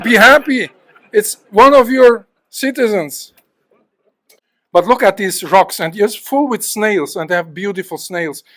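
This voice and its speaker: Lively high-voiced man telling travel stories. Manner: lively, jokey, addresses the audience directly. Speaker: guest presenter at a fish club. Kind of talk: animated storytelling talk to a live audience. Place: club meeting room with audience.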